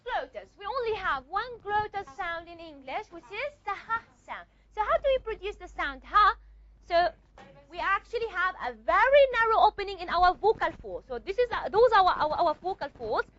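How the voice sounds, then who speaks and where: A woman's voice: very high-pitched, very animated, moderate pace, fairly bright tone, lo-fi sound. A woman lecturing a class on phonetics, repeating her points and checking that students follow with frequent questions. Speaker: phonetics teacher.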